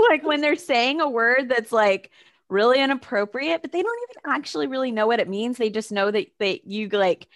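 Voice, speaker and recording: A woman hosting a casual conversation, animated and chatty, laughing easily and leaning on "like" as a filler. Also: a little high, moderate pace. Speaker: podcast host.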